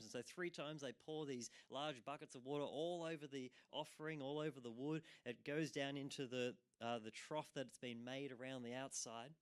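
A church pastor delivers a sermon in an easygoing, conversational way. He is a man with a mid-range voice who drops in small fillers. He brings the quoted speech in his story to life. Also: medium pitch. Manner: storytelling with frequent "uh" fillers and lively quoted asides.

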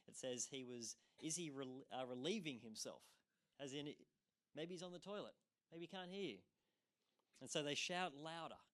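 A church pastor delivers a sermon in an easygoing, conversational way. He is a man with a mid-range voice who drops in small fillers. He brings the quoted speech in his story to life. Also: medium pitch. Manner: storytelling with frequent "uh" fillers and lively quoted asides.

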